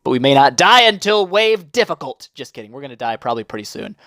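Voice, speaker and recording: Excitable, animated man narrating gameplay. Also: medium pitch, fast, no room sound, clean studio sound. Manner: excitable, jokey, reacts aloud to every turn. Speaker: mobile game video host. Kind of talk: casual gameplay commentary.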